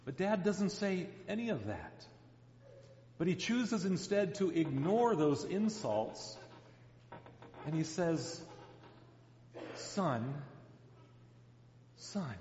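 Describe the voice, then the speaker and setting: A man delivers a sermon in a high, unhurried voice, stretching out his words for effect. He tells the story dramatically and gives each quoted line its own delivery. The sound carries a long reverb from a large hall and comes across a little dull. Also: very animated, mellow. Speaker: preacher.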